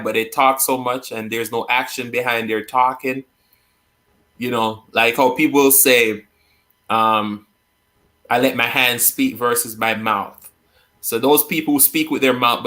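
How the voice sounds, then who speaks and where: A man's voice: medium pitch, pushed and bright. A man hosting a casual chat, playfully explaining slang and reading viewer comments aloud. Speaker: host.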